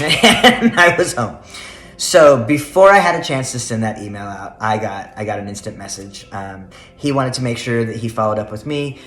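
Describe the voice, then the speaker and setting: A man's voice: fairly low pitch, fairly bright tone. A man telling a story to the camera in a casual vlog, chatty and laughing often as he rambles. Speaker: vlogger. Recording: roomy echo, faint music.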